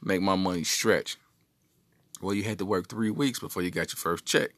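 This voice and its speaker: A man, co-host of a podcast, telling an animated, joking story from his youth. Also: sits low, moderate pace, dry recording. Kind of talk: comic storytelling.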